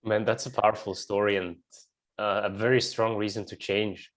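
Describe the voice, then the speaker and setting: Low-voiced coach asking questions. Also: male voice, level tone, moderate pace. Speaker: fitness coach, host. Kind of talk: interview questions.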